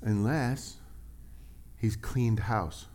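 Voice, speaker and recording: A man preaching a sermon in a conversational, animated way, acting out little quotes as he goes. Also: fairly low pitch, very slow. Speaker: pastor.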